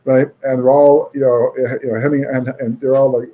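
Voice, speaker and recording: A man giving a Torah talk as a chatty storyteller, full of "you know" and restarts, sprinkling in Yiddish and Hebrew terms and turning loud and emphatic when he argues a point. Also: mid-range voice, level tone, fairly quick, hardly any pauses. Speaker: Torah speaker.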